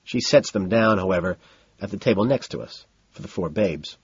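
A man narrating an audiobook in the first person, deadpan and detached, on a dull lo-fi recording. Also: low-pitched, moderate pace, slightly rough, no echo.

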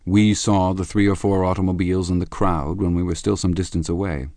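A man reading a classic novel aloud as an audiobook narrator, in a measured, even storytelling delivery. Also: low-pitched, dry recording.

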